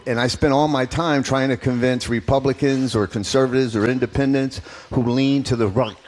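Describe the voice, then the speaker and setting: A middle-aged man speaking as a political candidate in an interview, telling his story emphatically and earnestly. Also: medium pitch.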